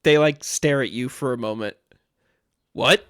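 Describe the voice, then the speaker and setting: A male game master narrating a tabletop role-playing game at a middle pitch, with a dry, close sound. He talks in a relaxed, halting way, full of small hesitations. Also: clear, resonant tone, dry recording.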